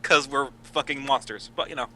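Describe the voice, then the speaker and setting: A man's voice: mid-range voice, steady tone, brisk, bright, forceful tone. A man co-hosting a casual podcast, joking and stumbling over repeated words. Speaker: podcast co-host.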